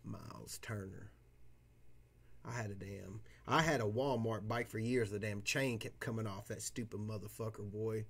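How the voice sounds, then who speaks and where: A man's voice: on the low side, steady tone, moderate pace, vocal fry, husky. A man hosting a card-opening livestream, chatting casually in a profane, boisterous way. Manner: profane, boisterous, whoops loudly at big pulls. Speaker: card-breaking livestream host. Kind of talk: casual chat while opening trading cards.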